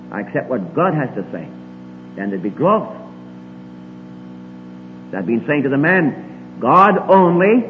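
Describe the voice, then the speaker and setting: Tinny, echoing preacher, lively pitch. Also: male voice. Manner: swings between emphatic rises and quiet low asides. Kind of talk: sermon. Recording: tinny lo-fi recording with long hall reverb and faint hum.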